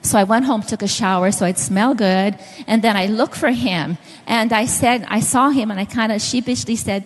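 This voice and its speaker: A woman's voice: medium pitch, moderate pace, few pauses, in a large hall. A middle-aged woman preaching a sermon, telling stories and speaking directly to the congregation. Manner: storytelling, directly addressing the audience.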